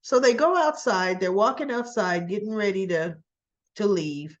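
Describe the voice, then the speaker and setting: A woman casually recapping a soap episode in a chatty, conversational way, dropping quick asides to the listener. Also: mid-range voice, muffled recording. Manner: chatty, conversational asides, acts out quoted lines. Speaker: soap opera recap vlogger.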